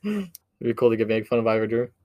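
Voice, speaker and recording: A man's voice: on the low side, expressive, fast, darkish tone, no room sound, clean studio sound. A young man teasing and joking in a casual chat with friends.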